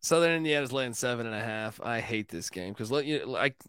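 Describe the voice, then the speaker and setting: Joking, bright-voiced man giving picks. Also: mid-range voice, expressive, fairly quick, clear, resonant tone, no echo, studio quality. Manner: loose, joking, swears, laughs often. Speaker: sports betting podcast host. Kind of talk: casual betting picks chat.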